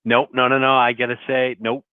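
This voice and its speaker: A man's voice: mid-range voice, flat delivery, brisk, clear, resonant tone, no room sound. A man calling into a talk show with a Boston accent, joking crudely and then talking earnestly. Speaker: caller. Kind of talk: phone-in chat. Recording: tinny phone line.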